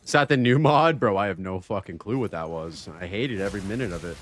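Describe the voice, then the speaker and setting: A man streaming a video game live, chatting casually with his viewers, excitable and swearing freely. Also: fairly low pitch, fast, no echo. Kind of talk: casual live-stream chat while gaming.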